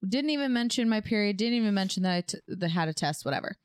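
A young woman co-hosting a podcast, telling a story in a casual, animated way and acting out the quotes. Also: fast talker, clean tone, dry recording, clean studio sound. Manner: animated, acts out quotes with big pitch jumps. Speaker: podcast co-host.

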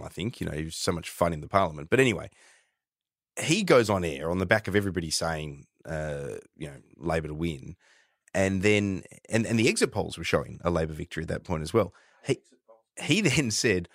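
An Australian man co-hosting a podcast, telling a political story in casual chat with animated delivery. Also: low-pitched, no room sound, clean studio sound. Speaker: podcast co-host.

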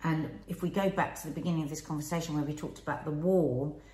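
Middle-aged woman chatting earnestly on a podcast, lowish voice, echoey room. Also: fairly even intonation, fast, dark tone. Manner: earnest, reflective, advising. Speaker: podcast co-host. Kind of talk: candid conversational chat.

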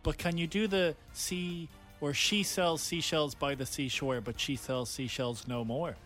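A man's voice: on the high side, fairly even intonation, measured pace, fairly bright tone, faint music behind. A man with an Irish accent co-hosting a radio show, playful and dramatic, acting mock-indignant in the banter. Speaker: radio co-host.

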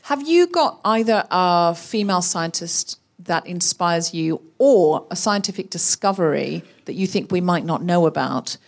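A woman hosting a live panel, putting measured questions to her guests. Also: lowish voice, lively intonation. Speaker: host.

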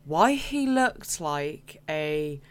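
A woman co-hosting a casual podcast, chatting bluntly about books in a laid-back, drawn-out way with some swearing. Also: low voice, big pitch swings, clear, resonant tone. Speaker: podcast co-host.

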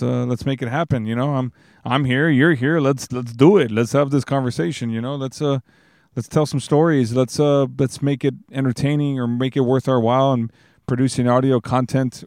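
A man's voice: mid-range voice, a little mellow. A man talks on his own podcast, rambling and earnest with plenty of restarts. His voice sits in a middle range, recorded close to the mic in a dry space with no room echo. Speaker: podcast host. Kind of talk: casual solo podcast monologue. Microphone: close to the microphone.

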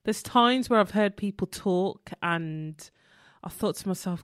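A woman's voice: mid-range voice, a little slow, dry recording. Woman hosting a podcast, friendly and bit hesitant, dry close sound. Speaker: podcast host. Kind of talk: conversational podcast interview.

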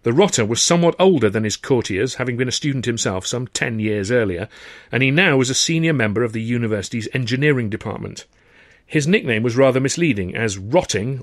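A man narrating his own comic novel with wry, understated timing. His voice is mid-pitched and even. The close studio mic leaves it completely dry, with no trace of the room. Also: brisk, no room sound. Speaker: narrator, author. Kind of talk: audiobook narration.

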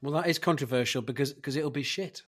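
A man's voice: medium pitch, fast talker, slightly rough. A man hosting a casual podcast chat, swearing and telling rambling anecdotes. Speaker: podcast host running the segment.

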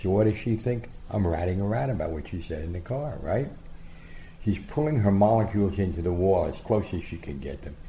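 A man being interviewed as a guest, telling rambling, animated anecdotes and acting out the quotes. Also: low-pitched, brisk, a little hiss or hum. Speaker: guest storyteller. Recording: roomy echo.

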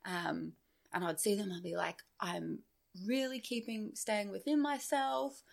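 Animated woman with a gravelly edge. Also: mid-range voice, unhurried. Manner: animated, with frequent filler "like". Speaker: podcast guest. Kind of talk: casual storytelling chat.

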